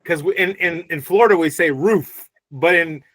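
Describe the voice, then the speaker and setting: A man's voice: fairly high pitch, fairly quick, a bit bright, no echo. A man asking questions in a casual online chat, playful and teasing.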